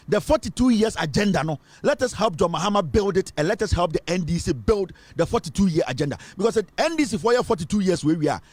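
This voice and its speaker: Emphatic high-voiced Ghanaian man. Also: dry recording. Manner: emphatic, switches between English and Twi. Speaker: news commentator. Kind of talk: political news commentary.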